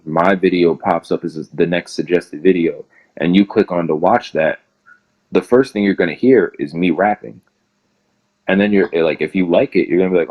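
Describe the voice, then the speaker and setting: A man's voice: low-pitched, a little mellow, dull audio. A young man, a guest in an interview, telling a long story in a rambling casual way and filling nearly every phrase with "like".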